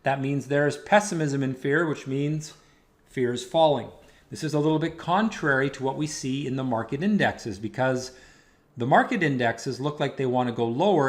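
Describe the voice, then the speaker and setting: Man, market analyst host, steady explanatory talk, walking through charts, mid pitch. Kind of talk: weekly market commentary over charts.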